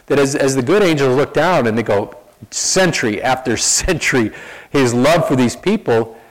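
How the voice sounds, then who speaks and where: With a medium pitch and a normal pace, a male pastor delivers his sermon as lively, conversational storytelling, often restarting what he says. The audio quality is poor.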